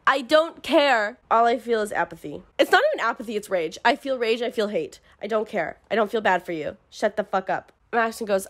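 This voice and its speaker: A woman's voice: fairly high pitch, animated, brisk, hardly any pauses, fairly bright tone. A young woman giving a sarcastic, profane comedic recap of a book and reading passages aloud. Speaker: book reviewer.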